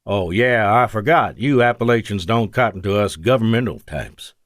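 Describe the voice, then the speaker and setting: A man's voice: on the low side, expressive, moderate pace, a bit bright, dry recording, studio quality. A man voicing an experienced male fighter pilot with a Texan accent, who talks in a wry, teasing, reassuring way.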